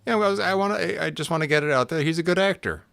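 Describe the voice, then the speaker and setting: A man's voice: fairly high pitch, rapid-fire, creaky, fairly bright tone, no echo. Chatty man with a dry, close sound. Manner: chatty, with many "like"s. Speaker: podcast co-host. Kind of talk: casual chat.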